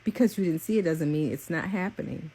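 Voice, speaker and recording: God as a calm divine father, as a woman quotes him. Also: low voice, fairly quick, husky, full character voice. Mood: patient. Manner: calm, matter-of-fact, gently teasing.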